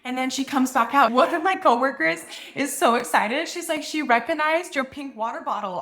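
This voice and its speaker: A woman's voice: a little high, brisk. Frank, slangy young woman podcast host. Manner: frank, slangy, animated storytelling. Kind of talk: casual advice podcast monologue.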